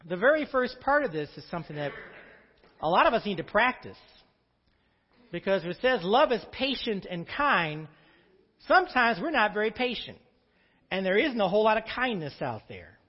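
Male pastor delivering a lively sermon, swinging pitch, recorded dull and muffled in a church. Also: moderate pace, long pauses, husky, in a large hall. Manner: preacher's call-and-response.

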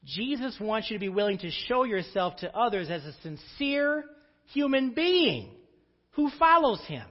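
Male pastor delivering a lively sermon, swinging pitch, recorded dull and muffled in a church. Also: big-room sound. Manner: preacher's call-and-response.

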